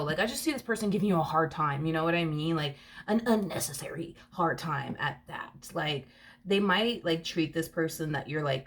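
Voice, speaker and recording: A woman giving a casual tarot reading. She is chatty and giggly, and she repeats her words often. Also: low voice. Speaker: tarot card reader.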